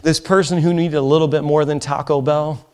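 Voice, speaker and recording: A man preaching a sermon in a church, impassioned, dropping to a hush and rising to near shouts. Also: a little high, fairly even intonation, a little fast, clean tone. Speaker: pastor. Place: church auditorium.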